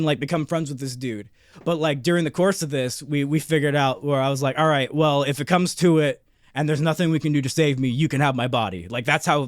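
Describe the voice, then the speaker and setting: A man co-hosting a podcast, telling a long, excitable story in casual chat with constant swearing and restarts. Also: fairly high pitch, no echo, studio quality. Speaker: podcast co-host.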